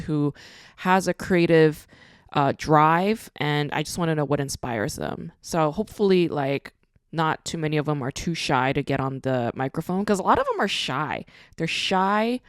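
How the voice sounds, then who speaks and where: Woman podcast host, casual rant, blunt, swears a lot, lowish voice, dry close sound. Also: no echo. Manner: blunt, ranting, swears freely. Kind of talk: casual monologue.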